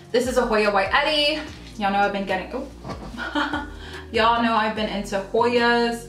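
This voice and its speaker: A chatty woman talks through a home haul video in an easy, gushing way, full of ums and little laughs. Her voice is mid-pitched and carries a roomy echo, with faint music underneath. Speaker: plant vlogger. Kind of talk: casual haul video chat. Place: home room full of houseplants.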